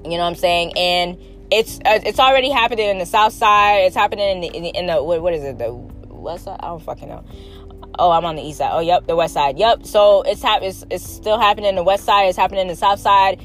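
A woman's voice: fairly low pitch, fast talker, soft background music. A woman hosting a casual solo podcast, talking bluntly with lots of slang, swearing and rambling asides to her listeners. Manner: frequent filler questions to listeners. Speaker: podcast host.

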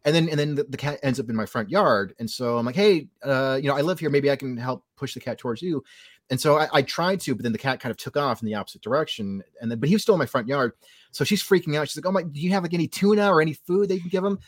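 Fast-talking rambling man, dry sound. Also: lively intonation, no room sound. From California. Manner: rambling, many restarts and "like"; acts out quoted voices in a higher pitch. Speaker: podcast co-host. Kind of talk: casual chat, storytelling.

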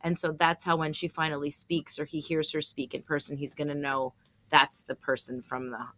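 A woman's voice: low voice, flat delivery, moderate pace, a bit bright. A woman co-hosting a podcast, chatting casually about holiday movies, speculating and laughing often. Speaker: podcast co-host.

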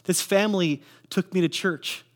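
A man's voice: sits high, normal speed. Earnest Canadian man sharing testimony. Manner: casual, earnest storytelling with fillers. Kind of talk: personal testimony sermon.

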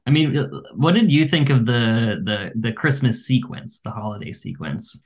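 A man's voice: mid-range voice, expressive, moderate pace, husky. A married man co-hosting a casual chat, speaking hesitantly with many fillers. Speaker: podcast co-host.

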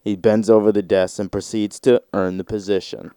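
A man hosting a comedy podcast, talking through a loose monologue and acting out short skits with quick voices and plenty of swearing. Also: on the low side, level tone, warm tone, smooth, no echo, clean studio sound. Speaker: podcast host.

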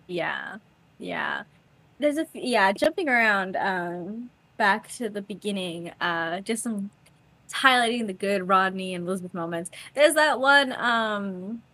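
A woman's voice: medium pitch, expressive, a little slow, pushed and bright, dry recording. A young woman co-hosting a podcast in casual chat, talking animatedly and acting out quotes with laughs. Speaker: podcast co-host.

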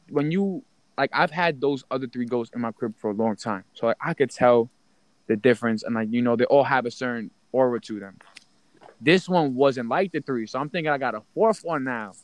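Young man telling a story, slangy and animated. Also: medium pitch, no room sound. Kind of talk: casual chat.

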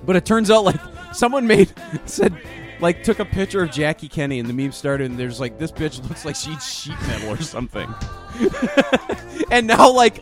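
A man co-hosting a podcast, chatting casually, swearing and laughing often. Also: high-pitched. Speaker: podcast co-host. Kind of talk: casual chat.

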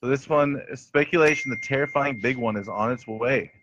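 A man's voice: medium pitch, normal speed, noisy background. Joking male podcast host, lo-fi sound. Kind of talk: jokey comedy podcast chat. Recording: dry, dull lo-fi sound.

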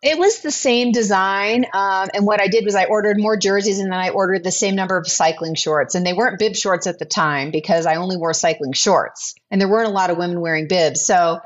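Chatty woman telling her story, lo-fi. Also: on the low side. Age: 40s. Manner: chatty, animated storytelling with acted-out quotes. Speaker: guest, business owner. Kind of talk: casual storytelling interview.

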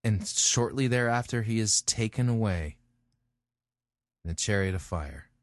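A man's voice: lowish voice, animated, measured pace, no room sound. A man hosting a show, reading scripture aloud and cutting in with dry, sarcastic remarks. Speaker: podcast host and critic.

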